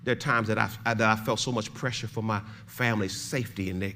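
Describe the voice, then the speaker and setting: An older man preaching a sermon as pastor, swinging from shouted pleading to hushed, low emphasis. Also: steady tone, fast, few pauses, slight background noise.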